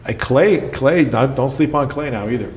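A man's voice: medium pitch, moderate pace. A middle-aged man, a basketball coach, telling stories in casual chat and acting out the people he quotes. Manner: animated storyteller, acts out quotes.

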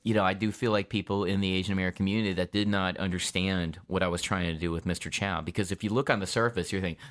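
A man being interviewed as an actor guest, telling stories in a lively way with frequent laughs and quick restarts. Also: deep voice. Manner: animated storytelling, laughs often, quick restarts. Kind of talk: casual interview chat.

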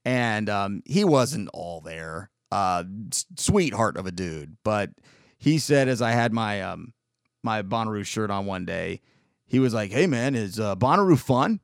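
A man's voice: fairly low pitch, animated, unhurried, gravelly, clear, resonant tone, no room sound, studio quality. A man hosting a radio show, telling a long casual story in a rambling, laid-back way with lots of fillers.

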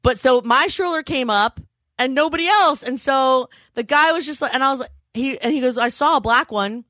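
A woman's voice: high-pitched, a little fast, fairly bright tone, dry recording, studio quality. Chatty, swearing woman podcast host. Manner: chatty storyteller, swears freely. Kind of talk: casual chat.

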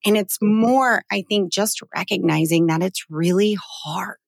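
A woman in her forties talks in a casual, heartfelt way as a podcast co-host. Her voice carries a gravelly fry at a middle pitch. The close mic sounds dry, with no room. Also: measured pace, dry recording. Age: 40s. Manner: earnest, emotional, heartfelt.

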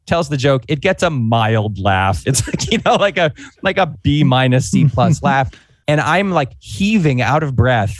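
A man in his forties telling an anecdote in animated, casual podcast chat, peppered with fillers. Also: mid-range voice, no room sound. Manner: animated, fast-paced anecdote with frequent "like" fillers. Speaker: podcast guest, former comedy writer. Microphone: podcast microphone.

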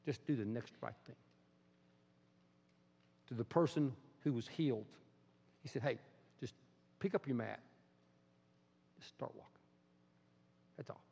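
Middle-aged male pastor, gravelly sermon voice with emphatic high bursts, dull recording in a long-reverb hall. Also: normal speed, pauses often, mellow.

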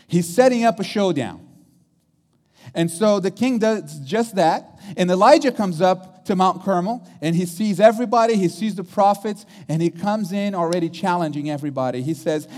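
A man's voice: fairly high pitch, normal speed, darkish tone, in a large hall. A man preaching a sermon, retelling a story dramatically and acting out the quotes.

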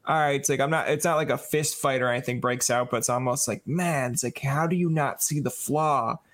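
A man hosting a casual podcast, asking questions and telling stories in an animated way, acting out quoted back-and-forth exchanges. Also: mid-range voice, fairly quick. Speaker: podcast host.

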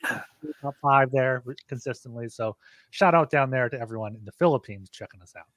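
A man's voice: mid-range voice, brisk, fairly bright tone, no echo. A man co-hosting a podcast, running through the show plugs in an upbeat way. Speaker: podcast co-host.

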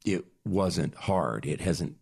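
A man guest telling a personal story in a hesitant way, pausing and searching for words. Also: sits low, animated, creaky, darkish tone, slightly rough. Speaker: interview guest.

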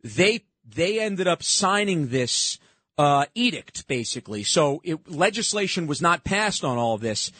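NY-male talk radio host, 30s, high lively pitch, punchy sarcastic delivery. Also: measured pace, no room sound. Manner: sarcastic, emphatic, takes calls. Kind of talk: political talk radio monologue.

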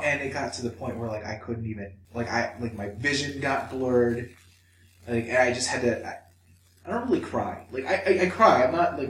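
A man's voice: mid-range voice, normal speed, slight background noise. A man co-hosting a podcast, telling a personal story with swearing and acted-out inner voices. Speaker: podcast co-host. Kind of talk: candid podcast chat. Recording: echoey room, mic at a distance.

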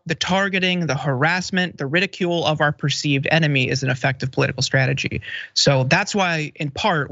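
A man's voice: a little high, pushed and bright, no room sound. A man co-hosting a political commentary show, conversational with frequent fillers. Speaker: co-host. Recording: dry, dull, lo-fi sound.

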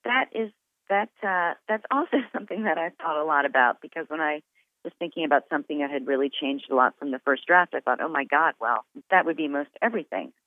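A woman author talks candidly about how she wrote a story, her speech lively and full of restarts, then reads her own fiction aloud. Her voice comes through a thin, tinny phone-like line. The sound is dry, with no room sound around it. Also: sits low, fairly quick, no echo. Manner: frank and animated, with filler words and restarts. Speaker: author guest.

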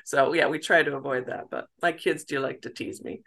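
Bright-voiced middle-aged American woman. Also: a bass voice, steady tone, fairly quick, creaky. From United States. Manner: chatty, laughs easily, warm self-deprecating. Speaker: novelist guest. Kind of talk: casual interview talk.

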